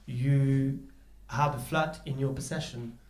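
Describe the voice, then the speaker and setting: Quiet flatmate guy, dry jokes, sounds far off in an echoey room. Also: mid-range voice, takes it slowly. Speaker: flatmate in the video. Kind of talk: casual chat in a video.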